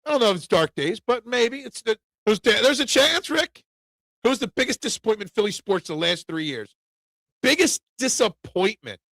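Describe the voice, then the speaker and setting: A man's voice: sits high, vocal fry, no room sound. A man hosting a casual sports talk show, reading viewer comments and getting opinionated and worked up. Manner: opinionated, gets loud and worked up.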